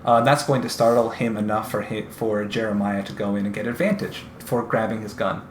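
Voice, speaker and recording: A man running a tabletop game as game master, narrating in a halting way with many fillers. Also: lowish voice, fairly even intonation, reverberant, a little hiss or hum.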